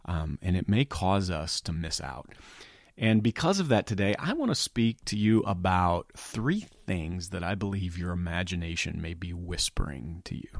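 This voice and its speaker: Middle-aged man, low voice, dry close mic; earnest, halting motivational speaker who slips into near-whispers. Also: lively intonation, vocal fry, no room sound. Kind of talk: reflective motivational talk.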